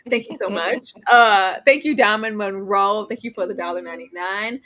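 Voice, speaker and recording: A woman co-hosting a casual livestream, reading out super chats in an animated, playful way with frequent laughter and teasing asides. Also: medium pitch, normal speed. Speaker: co-host of an anniversary livestream.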